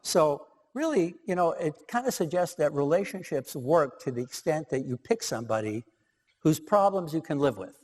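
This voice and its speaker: A man lecturing about relationship research in a loose, conversational way. His voice is husky, and his pitch rises and falls in a lively way. Long reverb fills the hall around him. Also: moderate pace. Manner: conversational, with many fillers. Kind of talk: lecture presentation.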